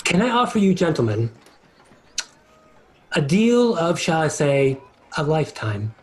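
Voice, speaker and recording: A man voicing a sly male devil who offers soul-bargains in a low, slow, hushed tone. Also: sing-song. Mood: scheming. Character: scheming male devil dealmaker, sly and calm.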